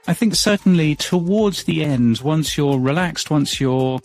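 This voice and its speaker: Gravelly English man in his fifties. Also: on the high side, slow, darkish tone, soft background music. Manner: easygoing, self-deprecating, hedges with "you know". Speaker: podcast guest. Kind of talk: relaxed interview chat.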